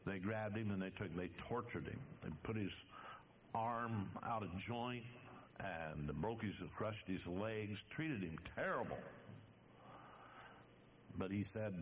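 An older man preaching in a church with a fairly low voice. He reads scripture slowly and with weight, stumbling now and then. A faint room hum sits behind him. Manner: slow, emphatic preaching with fillers and restarts. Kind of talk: sermon.

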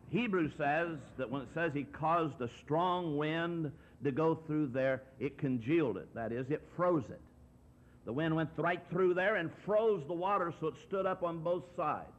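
A man preaching a sermon in a storytelling way, acting out the voices in his Bible story. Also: fairly high pitch. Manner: storytelling, acts out quoted voices. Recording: dull lo-fi tape recording.

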